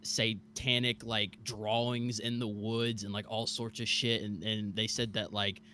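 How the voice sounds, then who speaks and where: A young man from Mississippi telling a scary true story on a podcast, animated and full of fillers. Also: on the low side, a little slow, a little hiss or hum. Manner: animated, many fillers like "like" and "bro". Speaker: guest storyteller.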